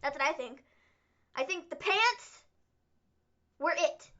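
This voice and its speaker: A woman with a high, bright, sharp voice chats casually as co-host, dry and sarcastic as she runs through the recap. The sound is muffled and lo-fi, like a home stream. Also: lively intonation, takes it slowly. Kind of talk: casual chat.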